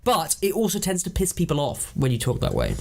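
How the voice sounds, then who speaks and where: Male podcast co-host, high voice, chatty and a bit rambling. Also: huge pitch swings, a little fast, creaky, a little mellow. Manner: chatty, thoughtful, a little rambling. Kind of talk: casual chat.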